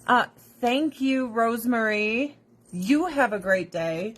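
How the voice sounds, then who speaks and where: A woman's voice: on the high side, slow pace. A woman hosting a casual livestream from home, ranting bluntly with plenty of profanity. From United States. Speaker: livestream host. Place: at home with pets.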